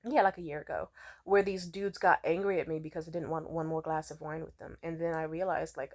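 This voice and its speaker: Young woman venting into her phone, swears a lot, sarcastic, kinda low voice. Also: fairly quick. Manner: blunt, profane, sarcastic. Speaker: vlogger. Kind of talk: casual rant to camera.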